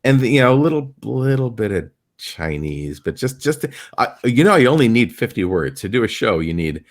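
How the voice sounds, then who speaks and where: Deep-voiced middle-aged man telling stories. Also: moderate pace, hardly any pauses. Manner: animated anecdotes with acted-out quotes. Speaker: stage illusionist guest. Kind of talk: storytelling in a podcast interview.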